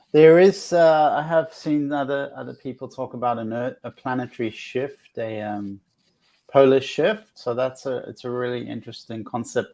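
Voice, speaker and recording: A man's voice: medium pitch, darkish tone. A man hosting a casual spiritual chat, talking in a reflective, earnest way with many restarts. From outside the United States. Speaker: host.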